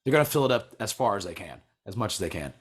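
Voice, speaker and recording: A young American man chatting casually, telling a rambling story full of "like" and quick laughs. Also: on the low side, very animated, slightly rough. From United States. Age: young adult. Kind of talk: casual chat.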